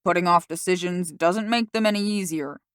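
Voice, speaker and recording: A woman's voice: on the low side, normal speed, clear, resonant tone, no room sound, natural voice. Stern dad, read by a woman, firm and warning, dry recording. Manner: firm, admonishing. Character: stern practical father.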